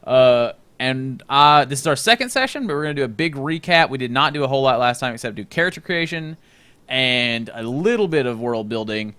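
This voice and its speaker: A man's voice: medium pitch, animated, a little fast, pushed and bright, smooth, no room sound. A man hosting a tabletop game stream over a voice call, chatty and joking, laughing and swearing. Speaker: stream host. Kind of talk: casual chat.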